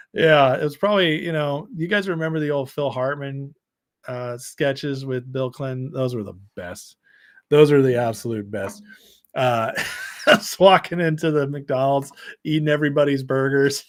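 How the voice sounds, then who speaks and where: A man hosting a live political stream, voice pitched a bit on the higher side. He reads headlines and viewer comments aloud, breaking in with sarcastic jabs and quick laughs. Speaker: political commentary show host.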